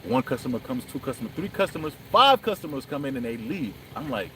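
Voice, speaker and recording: A man's voice: medium pitch, very animated, fast talker, bright, forceful tone, a little hiss or hum, poor audio. A man chatting casually outdoors, animatedly telling a story and acting out quotes with lots of swearing. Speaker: vlogger. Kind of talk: casual chat while riding. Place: outdoors on city streets.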